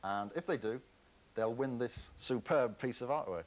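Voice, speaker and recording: A comic writer answers a TV interviewer's questions with dry, joking humour. He is a man with a mid-range pitch and an even, conversational delivery. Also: moderate pace. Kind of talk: casual TV interview.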